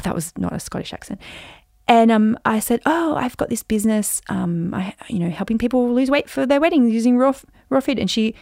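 A woman in her forties hosting a podcast, telling a personal story in an animated, chatty way with lots of fillers. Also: a little high, no room sound, studio quality. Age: 40s. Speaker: podcast host.

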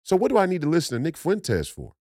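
A man's voice: fairly high pitch, wildly swooping pitch, fast talker, darkish tone, no room sound. Emphatic man preaching into a dry mic. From Minnesota. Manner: emphatic, repetitive, preachy, frequent restarts. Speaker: podcast host. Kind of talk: political commentary monologue.

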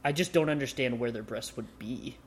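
A man's voice: medium pitch, fairly quick, a little hiss or hum. A man hosting a casual movie podcast with friends, laughing often. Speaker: podcast host. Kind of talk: casual chat among friends.

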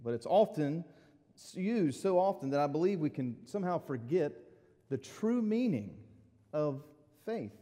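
A male pastor delivers a sermon in a church sanctuary, telling stories and talking back and forth with his congregation. His voice is mellow and set somewhat high. A long hall reverb trails his words. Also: big pitch swings, a little slow. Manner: storytelling, conversational with the congregation.

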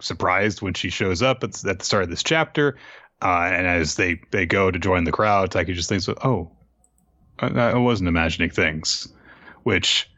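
A man with a low voice recaps a manga chapter casually, now and then jumping into higher voices for the characters. The recording is dry and a bit dull, with no room sound. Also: no room sound. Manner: animated, jumps into quick high voices for quoted characters. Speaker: podcast co-host.

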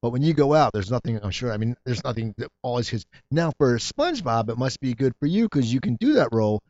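Male host from New Jersey, chatty rambling questioner, lively pitch, muffled lo-fi sound. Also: fast talker, no echo. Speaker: podcast host. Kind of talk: casual interview chat.

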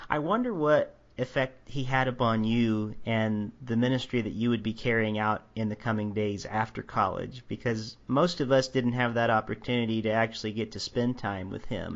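Man, mid-pitched voice, podcast host, easygoing, rambling questions, muffled lo-fi audio. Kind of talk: interview questions. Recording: dull lo-fi audio.

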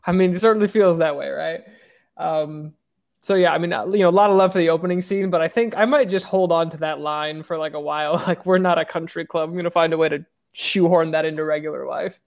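A man's voice: a little high, fairly even intonation, quick pace, vocal fry. A man co-hosting a casual film podcast, easygoing and thinking aloud. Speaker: podcast co-host.

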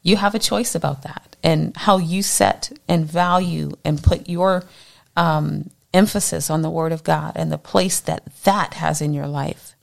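Low gravelly woman teaching the Bible. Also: unhurried. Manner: animated, acts out voices in quotes.

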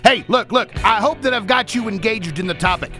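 Bright, high-pitched hyped radio host man. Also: a little fast, soft background music. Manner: hyped, repetitive, motivational. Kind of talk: energetic talk radio monologue. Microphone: studio microphone.

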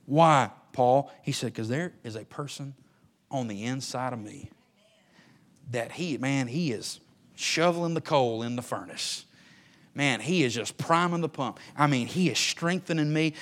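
A man preaching a sermon to his church. He swings from shouted, drawn-out lines to quiet, fast, joking asides. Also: mid-range voice. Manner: folksy, joking. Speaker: pastor. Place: church sanctuary.

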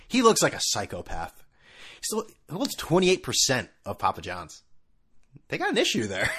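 A man's voice: medium pitch, bright, forceful tone, breathy edge. A man hosting a podcast on his own, talking in a rambling, self-mocking way with bursts of laughter. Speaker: podcast host. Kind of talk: casual solo podcast chat.

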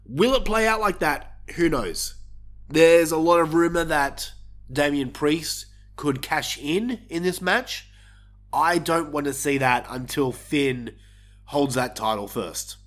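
A man with a slightly high voice rants through his predictions and gets worked up. He is sick and coughs, and his talk is loose and blunt. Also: slow, fairly bright tone. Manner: opinionated, ranting, worked up. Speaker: wrestling podcast host. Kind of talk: casual solo predictions rant.

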